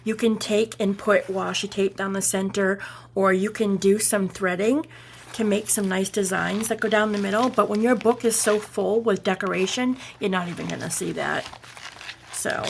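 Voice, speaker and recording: A woman's voice: medium pitch, vocal fry, slight background noise. A woman hosting a craft tutorial, chatting enthusiastically as she demonstrates each step. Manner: chatty and enthusiastic, narrating her steps. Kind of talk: casual hands-on craft demonstration.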